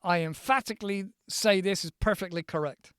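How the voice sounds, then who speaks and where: A man's voice: high-pitched, brisk, fairly bright tone, smooth, no room sound, studio quality. A man hosting a casual vocabulary lesson, rambling and spelling out words letter by letter. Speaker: podcast host teaching English vocabulary. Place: countryside home.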